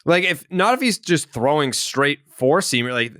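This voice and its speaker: Lively, teasing man hosting a podcast. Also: a little high, moderate pace, no room sound, clean studio sound. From Massachusetts. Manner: teasing, laughs easily. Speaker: podcast host. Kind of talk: casual podcast banter.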